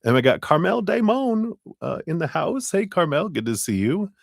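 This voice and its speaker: A man's voice: fairly high pitch, very animated, normal speed, gravelly, dry recording, studio quality. A man hosting a live tarot stream, chatting casually with viewers, laughing often and sounding giddy.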